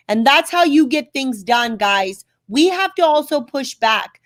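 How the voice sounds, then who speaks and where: A woman's voice: sits high, expressive, measured pace, hardly any pauses. A woman hosting a political webcast, urging her listeners to act. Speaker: host.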